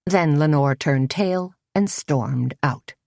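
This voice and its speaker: Low-voiced woman narrating a cozy mystery. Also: slow pace, gravelly, a little mellow, dry recording, clean studio sound. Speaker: audiobook narrator.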